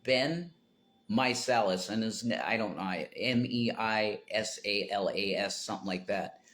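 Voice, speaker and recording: A man's voice: on the low side, steady tone, moderate pace, a bit bright. A man talking to viewers on his livestream in a rambling, tangent-prone way, breaking into emphatic outbursts.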